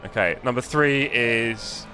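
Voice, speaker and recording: A man's voice: mid-range voice, takes it slowly, bright, forceful tone. A man, live-streaming a sim race with chatty, jokey commentary and muttering while he adjusts his car setup.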